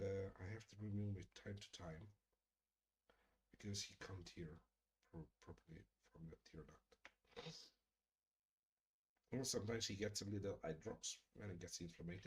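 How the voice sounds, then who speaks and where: A middle-aged man hosting a casual live stream, chatting with viewers in a joking, profane way and murmuring softly to his cat. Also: sits low, measured pace, long pauses, breathy edge. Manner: profane, joking, addresses chat directly; drops to soft murmurs talking to his cat. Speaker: streamer hosting a creator hangout.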